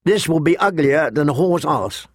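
A man's voice: on the high side, lively intonation, dry recording, studio quality. A man voicing a small, cheerful young recruit in an audiobook. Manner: cheerful, quick-witted.

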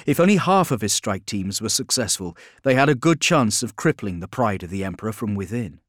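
A man reading an audiobook in steady, measured scripted narration. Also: fairly low pitch, dry recording, studio quality.

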